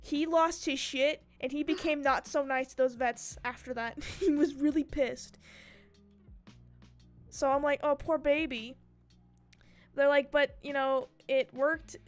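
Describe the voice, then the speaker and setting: A young woman streamer telling a story in casual chat, animated and swearing freely. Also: high-pitched, a little slow, soft background music. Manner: chatty and animated, swears freely, mimics her cat's screams.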